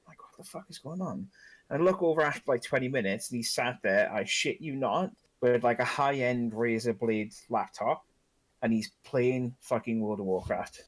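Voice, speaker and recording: Swearing man telling a lively story. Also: mid-range voice, moderate pace, poor audio. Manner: animated anecdote teller, swears, acts out dialogue. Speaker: podcast co-host. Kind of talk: casual chat, storytelling.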